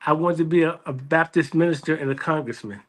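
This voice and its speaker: A man, telling his life story in an interview. His voice sits fairly high for a man, and he tells it with lively energy. He often restarts phrases and acts out the voices of people he quotes. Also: fast talker. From New York City. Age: 60s. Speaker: librarian and interview guest.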